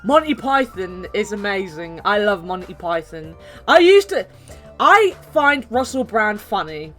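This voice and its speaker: With soft background music playing, a young female game streamer from the West Country of England talks to her viewers in an unhurried, sing-song way. Her mid-pitched voice is fairly bright, her accent mildly British, and she chats, rambles and laughs freely.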